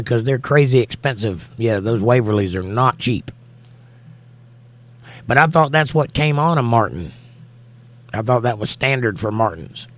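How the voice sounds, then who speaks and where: A man hosting a livestream, reading viewer comments aloud and answering them in casual chat. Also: medium pitch.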